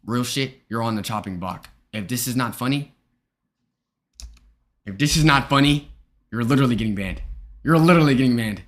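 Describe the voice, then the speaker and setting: A young man hosting a live stream, chatting casually and jokingly with his viewers in an animated way. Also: medium pitch, brisk, long pauses. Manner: animated, joking, talks straight to chat. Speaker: streamer host.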